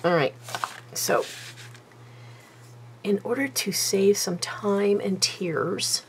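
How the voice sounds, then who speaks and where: Slow-talking woman crafting. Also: medium pitch, vocal fry, noisy background. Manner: chatty, self-mocking, talks to herself while working. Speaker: craft video host. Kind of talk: casual crafting commentary. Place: craft table indoors.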